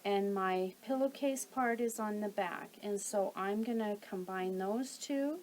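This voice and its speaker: A woman calmly talking through a sewing tutorial step by step while she works. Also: medium pitch, a little slow, poor audio. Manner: calm, methodical, talks while working. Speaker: quilting instructor.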